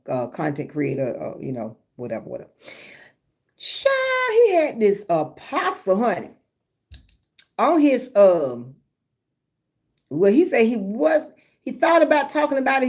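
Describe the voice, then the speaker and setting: Speaking at a normal pace in a medium-pitched voice, this livestream host banters with her audience and spins lively stories. She laughs frequently and has a drawling Southern manner.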